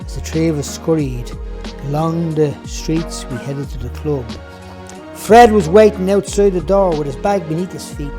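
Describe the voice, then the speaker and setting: A man's voice: fairly high pitch, mellow. A man reading his own book aloud, telling the story in a plainspoken, reflective way. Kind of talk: audiobook narration.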